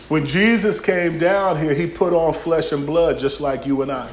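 A man's voice: a little high, moderate pace, hardly any pauses, slight background noise. Man, sermon, storytelling, echoey hall. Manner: lively storytelling, acting out dialogue. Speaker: preacher.

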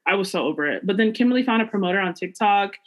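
A woman's voice: mid-range voice, lively intonation, racing. A young woman in casual chat, telling a story in slangy, profane speech and quoting what others said. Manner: narrates with acted quotes of others, slangy and profane.

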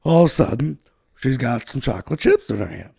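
A man's voice: mid-range voice, lively intonation, a little fast, gravelly, warm tone, slightly rough, dry recording, studio quality. A man casually telling a long, profane story to friends, rambling and laughing at himself. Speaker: podcast co-host telling a story.

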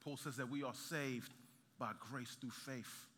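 A man preaching a sermon, lively, with rhetorical questions and light humor. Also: mid-range voice, measured pace, slight background noise. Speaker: pastor. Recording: reverberant hall.

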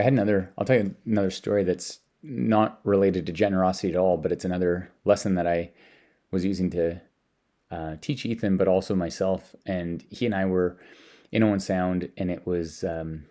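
A deep, warm voice belongs to a man from Canada recalling personal stories of lessons with his young son. The telling is casual and meandering, full of restarts and repeated words.

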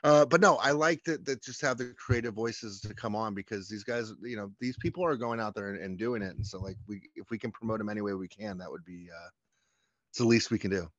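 A man's voice: fairly low pitch, brisk, a bit bright, no room sound, lo-fi sound. A man from North Carolina co-hosting a podcast, talking casually in an enthusiastic, rambling way. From North Carolina, USA. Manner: rambling, enthusiastic, many restarts. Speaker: podcast co-host. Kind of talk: casual chat.

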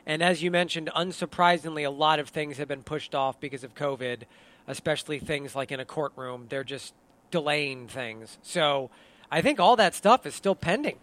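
A man's voice: a little high, moderate pace, fairly bright tone. A man co-hosting a sports radio show, chatting casually and hedging, repeating words as he thinks.

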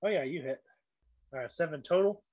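Guy dming a tabletop game, kinda higher voice, chill and laughing. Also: moderate pace, a little mellow. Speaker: dungeon master.

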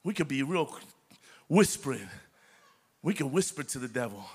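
A man's voice: medium pitch, very animated, moderate pace, breathy edge. A middle-aged man preaching a sermon as pastor, impassioned and repetitive, calling the congregation "church".

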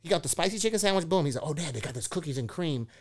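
Animated middle-aged man telling stories. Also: fairly high pitch, rapid-fire. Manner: animated storyteller who acts out dialogue, swears freely. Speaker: motivational speaker guest. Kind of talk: casual podcast chat.

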